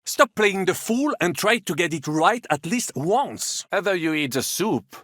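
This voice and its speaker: A haughty French knight holds forth in a bright, animated voice that swoops up and down. He has a French accent and a pompous, theatrical manner. The game recording is dry and close. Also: high-pitched, a little slow, no echo, full character voice. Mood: exasperated. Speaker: game character. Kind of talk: game voice acting.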